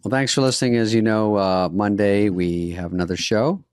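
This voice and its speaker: A man's voice: lowish voice, normal speed, a little mellow, smooth, dry recording. A man co-hosting a podcast in casual chat, dry and offhand with wry asides. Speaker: podcast co-host.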